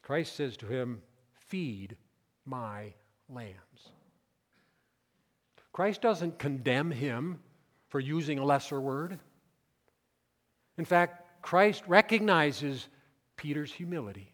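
A male pastor preaching a sermon, swinging between loud emphatic declarations and quiet asides. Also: on the high side, slow, in a large hall.

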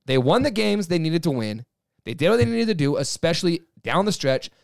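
A man's voice: a little high, animated, a little fast, vocal fry, dry recording, clean studio sound. A man co-hosting a casual sports talk show, ranting heatedly and emphatically about his team. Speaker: podcast co-host.

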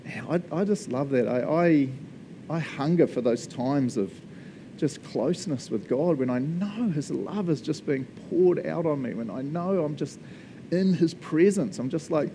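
A man's voice: a little high, animated, measured pace, warm tone, a little hiss or hum. A man with a New Zealand accent preaching a casual sermon as a pastor, jokey and chatty, often laughing and tagging lines with "eh" and "man". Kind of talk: conversational sermon.

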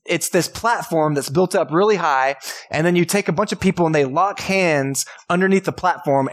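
Pastor, male, conversational sermon delivery in church, voice a little high for a man. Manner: casual, conversational preaching with audience questions.

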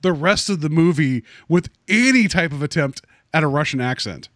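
A man's voice: a little high, animated, moderate pace, fairly bright tone, dry recording, studio quality. A man casually discussing a movie on a podcast, joking and rambling with lots of fillers. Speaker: podcast co-host.

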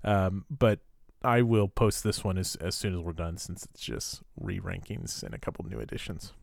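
A man's voice: low voice, normal speed, creaky, no room sound. Chatty man hosting a dry podcast. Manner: chatty, lots of fillers and restarts. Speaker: podcast co-host. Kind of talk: casual chat.

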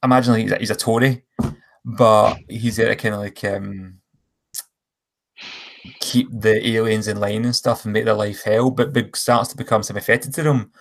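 Gravelly man chatting films. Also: on the low side, steady tone, moderate pace. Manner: enthusiastic, rambling, self-correcting. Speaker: podcast co-host. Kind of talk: casual film chat.

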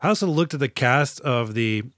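A man's voice: mid-range voice, lively intonation, moderate pace, fairly bright tone, dry recording, clean studio sound. A man co-hosting a casual movie podcast, joking around and retelling film scenes with bits of put-on dialogue. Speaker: podcast co-host. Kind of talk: casual movie-review chat.

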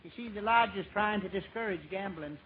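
A man's voice: high-pitched, brisk, close to an everyday voice. An actor playing a goofy small-town man who sweet-talks a widow, in folksy 1940s radio comedy style. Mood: giggly. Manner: folksy, giggly, shouts at a turkey. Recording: tinny scratchy 1940s radio recording.

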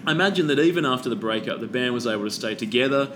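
A man's voice: mid-range voice, expressive, very fast, background noise. A man, co-hosting a casual chat, telling stories in a jokey, sweary way. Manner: swearing, jokey storyteller acting out scenes. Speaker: podcast co-host.

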